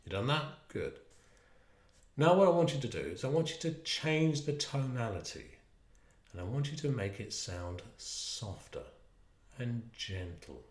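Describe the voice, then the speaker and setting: In a roomy-sounding space, a man with a mid-range voice guides listeners through a stress management exercise. He's animated and coaxing, drawing out his words.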